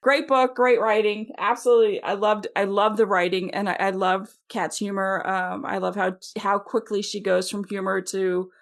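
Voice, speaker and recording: Chatty woman with a gravelly edge. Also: mid-range voice. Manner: chatty, animated storyteller with laughs and quick asides. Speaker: podcast co-host. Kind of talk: casual chat.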